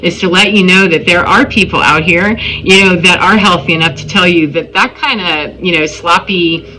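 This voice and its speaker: This time her pitch is fairly low and her speed normal, with a pushed, bright delivery. The spiritual vlogger shares a personal story casually but emphatically, dramatizing what people told her, over poor audio with a faint hiss or hum.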